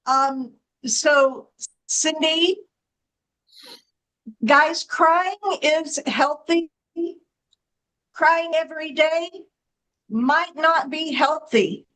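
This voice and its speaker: A woman's voice: high-pitched, drawn-out words, long pauses, a bit bright, low-quality recording. A woman mental health professional chatting frankly and emphatically on a casual livestream.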